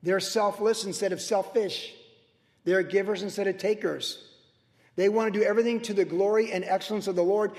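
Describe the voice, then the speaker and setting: High-voiced man in his sixties preaching. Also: moderate pace, long reverb tail. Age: 60s. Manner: conversational, storytelling with animated asides and laughs. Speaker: pastor. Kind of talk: sermon.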